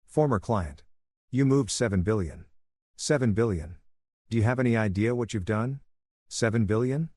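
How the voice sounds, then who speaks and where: A man's voice: on the low side, moderate pace, long pauses, a little mellow, no room sound, clean studio sound, close to an everyday voice. A man reading a panicked male banker. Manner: frantic, pleading.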